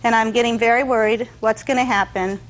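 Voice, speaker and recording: A woman's voice: a little high, steady tone, a little fast, poor audio. A woman testifying as a defendant in court, telling her side in long detailed stories and acting out what others said.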